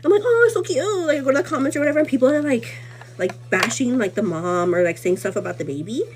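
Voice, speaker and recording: A young woman hosting a live vlog, rambling in a gossipy, casual way, full of "like" and "you know what I mean," animated and quick to laugh. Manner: animated and laughing, pitch jumps up when riled. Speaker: livestream host.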